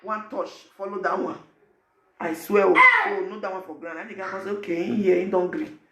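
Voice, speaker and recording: A man speaking Nigerian Pidgin English, giving animated, preachy advice to his viewers in a casual vlog. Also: sits high, a little fast, reverberant, very noisy. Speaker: vlogger.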